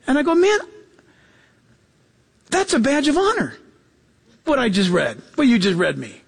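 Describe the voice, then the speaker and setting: A man preaching a sermon as pastor, telling stories in an animated way and acting out the quotes, repeating key phrases for emphasis. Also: normal speed, long pauses, husky, long reverb tail. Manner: animated storytelling, acts out quotes with jumps in pitch.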